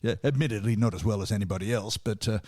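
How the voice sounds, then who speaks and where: A man's voice: fairly low pitch, fast talker, dark tone. A man co-hosting a casual music podcast, chatty and storytelling, with asides and laughs. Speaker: podcast co-host.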